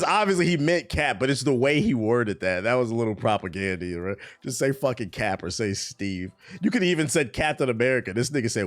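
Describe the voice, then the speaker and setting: Profane, excitable man reading news aloud. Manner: profane, laughing asides, excitable pitch jumps. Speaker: streamer reacting to news. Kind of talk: casual reaction stream, reading articles aloud.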